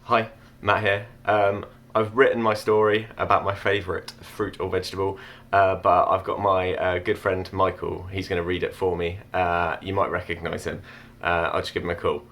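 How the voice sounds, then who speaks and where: A man's voice: low-pitched, level tone, normal speed, fairly bright tone, a little hiss or hum. A man chatting casually and hesitantly on a video call podcast. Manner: offhand, hesitant with fillers. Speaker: podcast member. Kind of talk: casual chat. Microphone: webcam or laptop mic on a video call.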